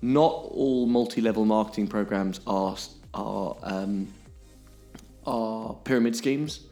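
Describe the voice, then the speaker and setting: Over faint background music, a podcast co-host with a fairly low, dark-toned voice takes his time explaining things. He speaks emphatically and keeps checking that his listener is following along.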